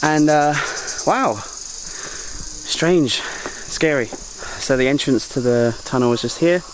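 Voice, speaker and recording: Chatty excitable man vlogging outdoors. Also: medium pitch, unhurried, noisy background. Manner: chatty and excitable, joking asides. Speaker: travel vlogger. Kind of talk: casual travel vlog to camera. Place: outdoors on mountain roads and in a jungle park.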